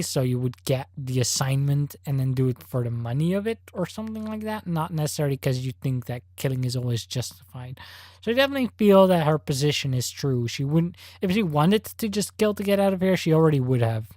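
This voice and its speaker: A woman's voice: sits low, expressive, a little fast, a little mellow, dry recording, studio quality. Woman rambling through game commentary. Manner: rambling, thinking aloud with restarts. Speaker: let's play host. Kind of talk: casual gameplay commentary.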